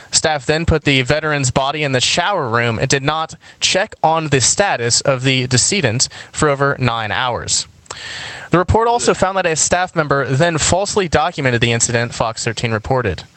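A man's voice: mid-range voice, a bit bright, no room sound. A man co-hosting a casual podcast, laid-back and chuckling, reading a news story aloud with small stumbles. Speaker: podcast co-host.

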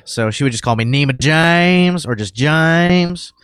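A man's voice: a little high, animated, unhurried, fairly bright tone, clean tone, dry recording. A man co-hosting a podcast, chatting casually in a laid-back, joking way. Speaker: podcast co-host.

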